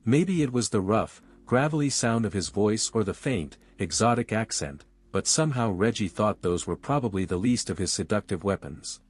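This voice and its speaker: A man narrating a romance audiobook with smooth, even storytelling. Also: on the low side, moderate pace, few pauses, faint music behind.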